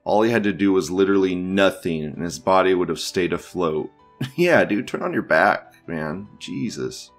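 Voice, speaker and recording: A man's voice: low-pitched, moderate pace, hardly any pauses, soft background music. A man hosting a podcast, giving crude, profane, offhand commentary and often laughing as he reacts to videos. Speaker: podcast host.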